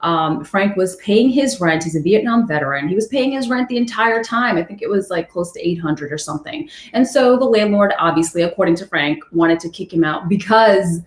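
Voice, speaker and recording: A woman TV reporter telling stories in a casual interview, lively and animated, jumping up high in pitch when she acts out what people said. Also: a little fast, few pauses. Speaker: TV news reporter, guest. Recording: echoey room.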